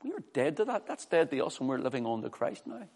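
A man preaching a sermon with fervor, swinging from loud, high exclamations to low, quiet scripture reading. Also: big pitch swings, fast. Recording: long hall reverb.

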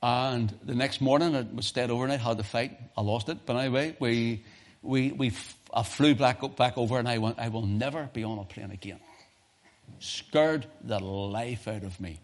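Middle-aged Northern Irish man, pastor, lively and humorous sermon storyteller. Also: medium pitch, moderate pace. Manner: animated storytelling with humorous asides and chuckles.

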